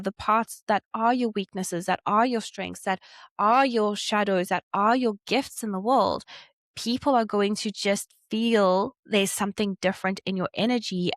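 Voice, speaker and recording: A woman's voice: mid-range voice, no room sound, studio quality. A woman giving an encouraging, coaching-style reading of a client's Human Design chart, speaking to her directly. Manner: warm, encouraging coaching tone, acting out quoted reactions. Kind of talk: one-on-one reading addressed to a client.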